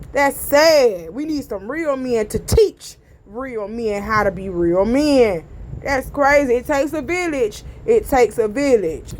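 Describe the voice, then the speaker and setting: A woman with a high-pitched voice delivers casual opinion commentary as the host of her own channel. She rants bluntly and profanely, repeating her lines for emphasis and speaking straight to her viewers.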